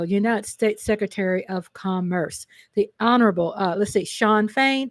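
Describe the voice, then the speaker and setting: A livestream host from Texas, speaking with a Texan accent in a mid-range voice, excitedly reads a list of names in a chatty way. She corrects her own slips as she goes, and the audio has no room sound.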